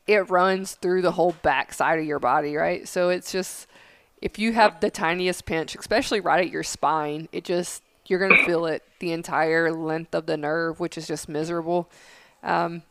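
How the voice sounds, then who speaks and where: A woman's voice: on the low side, steady tone, moderate pace, a bit bright, a little hiss or hum. A woman co-hosting a podcast who explains things in an earnest, chatty way. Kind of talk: casual chat.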